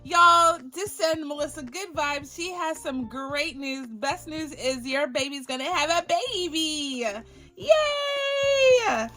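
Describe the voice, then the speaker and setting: Bubbly, gushing woman with a high voice. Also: a little slow, few pauses, a bit bright, soft background music. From Barbados. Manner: bubbly, effusive, gushing thanks. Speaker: budgeting channel host. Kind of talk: casual unboxing vlog.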